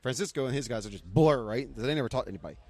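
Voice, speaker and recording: Fast-talking excitable man telling a story. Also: mid-range voice. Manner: excitable storyteller, acts out what others said. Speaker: podcast guest. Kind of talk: casual chat.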